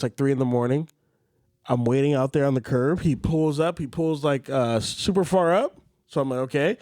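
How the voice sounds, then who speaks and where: Animated man telling stories, swearing freely. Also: a little high, no echo, clean studio sound. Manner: animated storyteller, swears often, acts out quotes. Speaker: podcast co-host. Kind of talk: casual chat.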